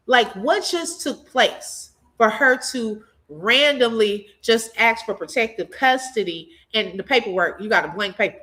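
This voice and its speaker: A woman hosting a casual live commentary, reading viewer comments aloud, chatty and animated, laughing often and talking straight to her viewers. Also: a little high, unhurried, few pauses. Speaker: channel host reacting to a court case.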